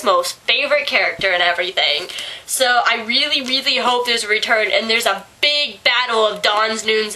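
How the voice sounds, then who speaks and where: Young woman vlogger, bright and sharp, hoarse, rambling and excitable. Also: on the high side, poor audio. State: hoarse from illness. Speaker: book reviewer. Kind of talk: casual vlog review.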